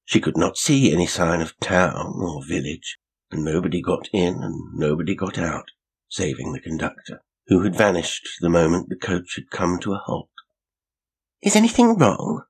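A man reading a vintage mystery story aloud in a measured narration. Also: deep voice, breathy edge.

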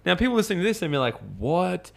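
A man, a podcast guest telling lively stories in casual conversation, acting out quotes and swearing freely. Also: high voice, very fast, creaky. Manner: animated storyteller, acts out quotes, swears freely.

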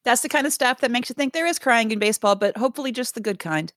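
A woman's voice: on the high side, lively intonation, fast, a bit bright, no echo, studio quality. An older woman co-hosting a casual sports podcast, explaining things patiently with easy humor. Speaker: podcast co-host. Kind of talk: casual chat.

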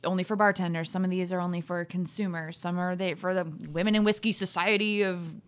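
A woman's voice: on the low side, fairly even intonation, quick pace, smooth. A woman guest on a podcast, explaining her distillery work in a confident, matter-of-fact way and laughing easily. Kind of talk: casual podcast interview.

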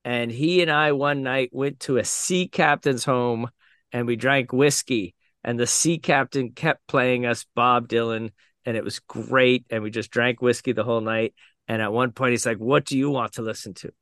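A man's voice: mid-range voice, fairly even intonation, moderate pace, fairly bright tone, clean tone, no room sound, studio quality. A man hosting a podcast, telling a funny travel story and mimicking the voices of the people in it. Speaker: podcast host. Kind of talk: storytelling anecdote.

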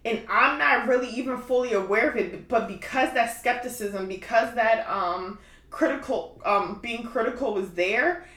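A woman's voice: on the high side, moderate pace, a bit bright. A woman hosting a podcast in a loose, chatty way, full of "like" and "you know what I mean". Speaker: podcast host. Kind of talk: casual chat. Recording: roomy echo.

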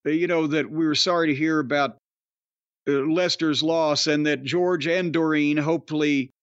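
A man's voice: on the high side, steady tone, normal speed, smooth, no echo, lo-fi sound. A middle-aged man hosting a podcast in casual chat, given to blustery, profane, grumbling rants. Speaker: podcast host.

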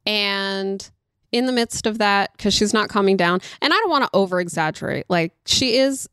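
A mother who homeschools, telling a story in a chatty, animated way and talking straight to her listeners. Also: medium pitch, normal speed, clean tone, no echo, studio quality. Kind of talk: casual storytelling monologue.

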